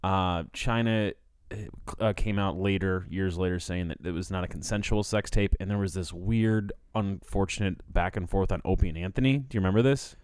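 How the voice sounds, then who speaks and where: A man's voice: sits low, normal speed, darkish tone, smooth, no echo. A man co-hosting a casual podcast, joking and enthusiastic, acting out quotes from other people. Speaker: podcast co-host.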